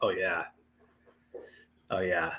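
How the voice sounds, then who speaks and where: A man's voice: low voice, level tone, extremely slow, sharp tone, poor audio. A man guest on a podcast, telling about his veterans' events in a hesitant way with many fillers. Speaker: guest, veterans foundation leader. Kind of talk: casual podcast interview.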